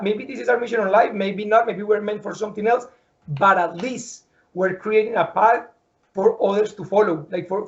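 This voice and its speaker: An earnest man hosting a heartfelt interview, his voice pitched high with a gravelly edge. He stumbles and repeats words as he talks. The audio sounds dull and lo-fi. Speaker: podcast host. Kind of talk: emotional interview conversation.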